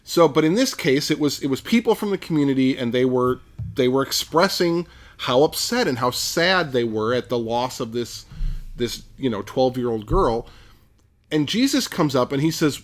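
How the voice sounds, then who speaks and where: A man co-hosting a podcast, explaining background in a measured way during a casual Bible discussion. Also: mid-range voice, expressive. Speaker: podcast co-host.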